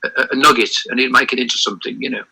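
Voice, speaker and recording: A man's voice: mid-range voice, fairly even intonation, rapid-fire, vocal fry, sharp tone, husky, low-quality recording. An older man, giving an interview as a guest and telling long anecdotes with many restarts and self-corrections. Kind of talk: reminiscing interview over a call.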